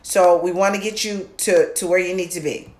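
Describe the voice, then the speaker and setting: A woman voice coach teaching an online lesson, who often repeats herself and checks in with "okay?", now and then singing or shouting demonstrations. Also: lowish voice, fairly even intonation, normal speed, echoey room. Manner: repeats words, checks in with "okay?" and "all right?"; sings demo lines and shouts "ha!" exercises.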